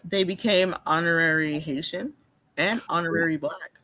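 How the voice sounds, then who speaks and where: A man's voice: a little high, moderate pace, pushed and bright, dry recording, poor audio. A man co-hosting a podcast, chatting playfully and laughing often. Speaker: podcast co-host. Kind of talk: casual chat.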